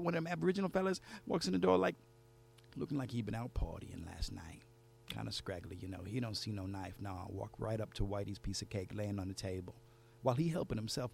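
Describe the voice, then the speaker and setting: A male spoken word poet speaks in a radio studio. His mid-pitched voice has a gravelly fry. He tells stories in a rhythmic, theatrical way.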